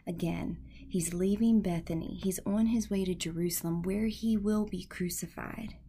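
A woman hosting a devotional podcast who speaks in a soft, earnest, half-whispered way, praying and teaching from scripture. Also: medium pitch, fairly even intonation, moderate pace, slightly rough. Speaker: podcast host. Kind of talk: devotional podcast talk with prayer.

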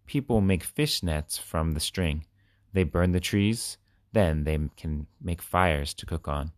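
A man reading short children's stories and simple facts aloud with clear, expressive delivery. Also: deep voice, takes it slowly, no room sound, studio quality. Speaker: reader.

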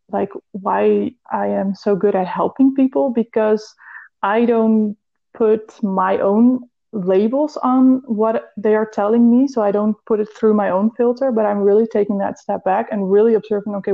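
A woman's voice: mid-range voice, vocal fry, muffled recording. A woman with a Dutch accent, a health and fitness coach, speaking earnestly in a podcast interview and now and then searching for an English word.

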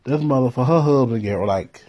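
A man telling a profane story in a laid-back way, with deadpan punchlines. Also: mid-range voice, a little fast. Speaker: storyteller host.

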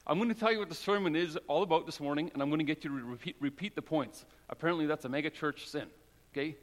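A man preaching a sermon as pastor of his church, talking in a casual, joking way and dropping into a soft, low voice when he prays. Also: fast. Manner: conversational and joking, with prayers spoken low and soft. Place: church sanctuary. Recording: long hall reverb.

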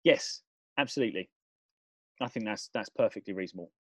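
Guy riffing a silly movie pitch, lots of ums, dry close sound. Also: fairly quick, a bit bright, no room sound. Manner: rambling, builds absurd scenarios with fillers. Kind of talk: comedic pitch chat.

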